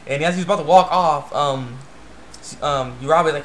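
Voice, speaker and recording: A young man with a somewhat high voice recaps an episode in a loose, rambling way. He stacks up fillers and keeps retelling scenes with "he's like". A faint hiss sits under the recording. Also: expressive, a little fast. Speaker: anime reviewer.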